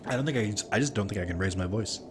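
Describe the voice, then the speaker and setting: A man's voice: lowish voice, fast talker, background noise. A man from Minnesota giving casual, profane commentary on a video game he is playing while chatting with his viewers. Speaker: let's play streamer.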